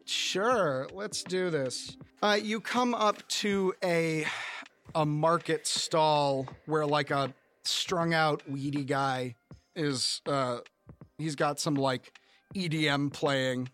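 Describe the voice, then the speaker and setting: A man runs a tabletop game, narrating scenes in a loose, rambling way with many fillers. His voice sits a little high for a man. Faint music plays in the background. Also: slow pace, fairly bright tone. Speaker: game master.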